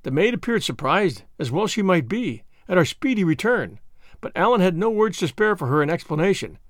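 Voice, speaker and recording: Expressive male storyteller reading a classic. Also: high voice, fairly quick, no room sound, studio quality. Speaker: narrator. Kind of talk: audiobook reading of a classic novel.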